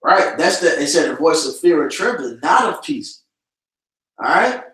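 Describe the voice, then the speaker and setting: A man's voice: fairly high pitch, big pitch swings, moderate pace, a bit bright. A man preaching scripture, tagging his lines with "man" in a casual style. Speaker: street preacher. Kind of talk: street preaching. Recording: echoey and distant from the mic.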